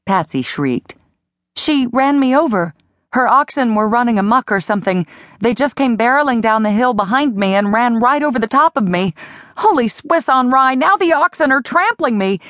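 A woman narrating a first-person audiobook in an expressive, animated way, close to a studio mic. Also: medium pitch, normal speed, dry recording. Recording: dry studio audiobook recording.

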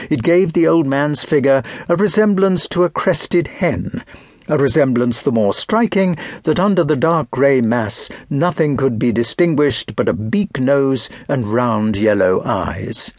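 A man narrating a classic novel as an audiobook, measured and expressive. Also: mid-range voice, no echo, clean studio sound.

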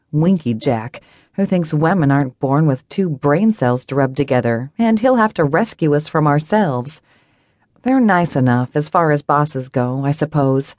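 Expressive woman narrating an audiobook. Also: sits low, dry recording, studio quality. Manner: expressive, wry first-person storytelling. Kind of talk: first-person scripted audiobook narration. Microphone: studio microphone, dry booth.

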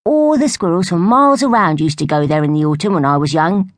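Mujer haciendo de abuelo ardilla cariñoso. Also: female voice, fairly low pitch, animated, a little fast, no echo, close to an everyday voice. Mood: kindly. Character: kindly old male squirrel grandfather.

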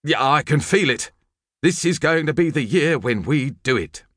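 A man's voice: fairly high pitch, animated, moderate pace, fairly bright tone, no echo, studio quality, pitched above the performer's own voice. A man voicing a grandiose, scheming headmaster who speaks with self-important flair. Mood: grand.

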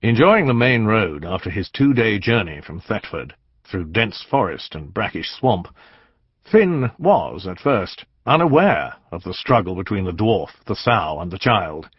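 A man reading a historical novel aloud as an audiobook narrator, measured and dramatic. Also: lowish voice, sing-song, slightly rough, no echo, lo-fi sound. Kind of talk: scripted narration.

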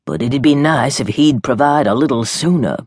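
A woman voicing a tired, wry old grandfather farmer, speaking in a slow, weary drawl. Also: a bass voice, a little mellow, slightly rough, dry recording, studio quality.

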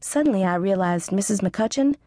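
A woman's voice: medium pitch, lively intonation, a little fast, mellow, dry recording. A woman reading a first-person audiobook narration in a wry, sarcastic manner. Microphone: studio close mic.

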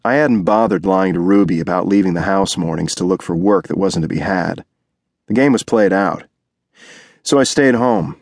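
A man's voice: sits low, vocal fry, darkish tone, no room sound, studio quality. A man narrating a first-person hardboiled noir audiobook in a terse, world-weary manner. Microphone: close studio mic.

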